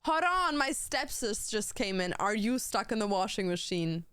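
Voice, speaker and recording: A woman's voice: mid-range voice, sing-song, moderate pace, loud music behind the voice. A young woman livestreamer chatting casually, rambling and joking with lots of swearing between thanks to viewers. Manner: rambling, profane, jokey banter.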